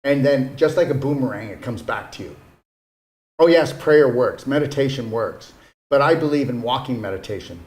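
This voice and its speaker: A man's voice: mid-range voice, lively intonation, moderate pace, a little mellow. A man giving a casual, earnest motivational talk as a wellness retreat host, coaxing his listeners and often checking in with "okay?". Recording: echoey room.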